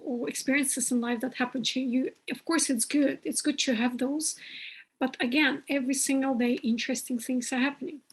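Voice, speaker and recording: High-voiced woman host giving advice. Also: a little hiss or hum, rough recording. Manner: earnest, advice-giving, with frequent restarts. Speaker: podcast host. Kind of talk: conversational interview.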